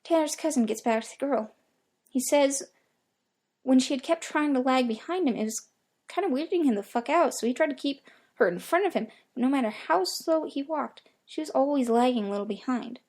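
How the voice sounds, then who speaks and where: A young woman reads a horror story aloud, her voice sitting a little high. She tells it casually, like a first-person account, swearing freely as she goes. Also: animated, fairly quick, darkish tone. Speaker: narrator. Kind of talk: creepypasta reading.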